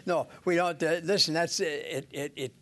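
An older man giving an informal sermon on scripture, halting, with many "uh"s, restarts and little chuckles. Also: on the high side, steady tone. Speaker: Bible teacher.

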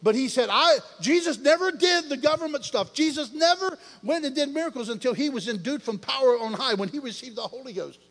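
A man preaching a sermon, animated and joking, acting out voices as he tells stories. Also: very high-pitched, brisk, hardly any pauses. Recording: long reverb of a large hall.

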